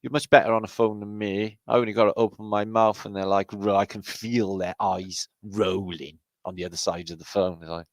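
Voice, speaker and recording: A man's voice: lowish voice, steady tone, brisk, few pauses, dry recording. A man with a Welsh accent hosting a casual livestream, greeting viewers by name with jokey, sweary banter. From Wales. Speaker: livestream host.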